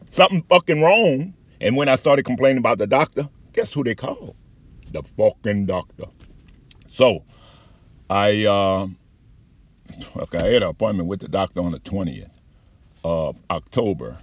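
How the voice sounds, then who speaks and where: A man with a low, husky voice tells an angry, rambling story of how he was treated as a patient, swearing often. The sound is dry and close, with no room echo. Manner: profane, heated, rambling complaint. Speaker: patient telling his story. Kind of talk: angry personal account.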